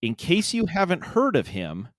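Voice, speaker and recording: Man, podcast co-host, rambling and giggly, lively pitch, dry close mic. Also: normal speed, no room sound. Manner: rambling, laughs mid-sentence. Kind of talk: casual chat.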